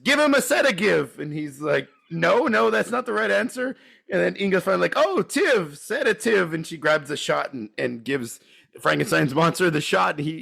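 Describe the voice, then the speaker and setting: A man co-hosting a casual podcast, talking excitedly and laughing as he acts out quoted film lines. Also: a little high, gravelly. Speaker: podcast co-host.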